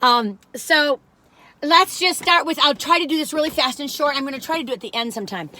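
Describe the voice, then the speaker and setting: A woman talks to her viewers like old friends in a cookie-review vlog. Her voice sits high, and she is folksy and quick to giggle, humming little jingles between thoughts. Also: pushed and bright. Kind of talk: chatty cookie-tasting vlog.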